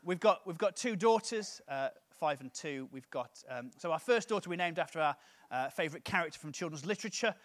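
Animated comic preacher. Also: male voice, a little high, a little fast. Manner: self-mocking, playful, animated storyteller. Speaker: comedian preaching at a church. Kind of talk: comic sermon.

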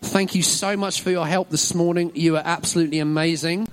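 Guy doing the kids' talk at church, pretty high voice, upbeat, keeps cheering them on. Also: steady tone, fairly quick. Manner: upbeat, encouraging, praises every answer. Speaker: church children's talk leader. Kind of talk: children's talk in a church service. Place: church hall with an audience.

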